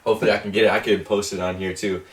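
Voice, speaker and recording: A young man with a low voice rambles through an animated story. The room echoes around him. The mic sits some distance away. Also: very fast. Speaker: co-host. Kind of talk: casual storytelling chat. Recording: roomy echo, mic at a distance.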